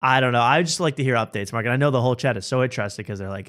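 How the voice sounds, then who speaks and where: A man's voice: medium pitch, rapid-fire, a bit bright. A man in his middle range hosting a late-night chat. He prods his guest with questions and slips in teasing jokes as he goes. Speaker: late-night show host.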